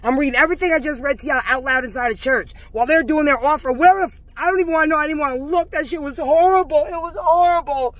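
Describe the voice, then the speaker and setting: A woman's voice: high voice, fast, hardly any pauses, a bit bright, dry recording. A woman vlogger intensely recounting a church confrontation to her viewers, agitated and preachy, calling them y'all. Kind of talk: emotional first-person recounting to viewers.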